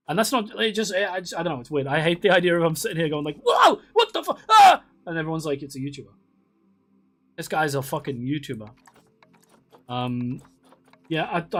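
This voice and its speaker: A man streaming a zoo-building game, chatting casually with viewers in a rambling way, restarting sentences and swearing often. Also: a little high. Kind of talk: casual live-stream chat.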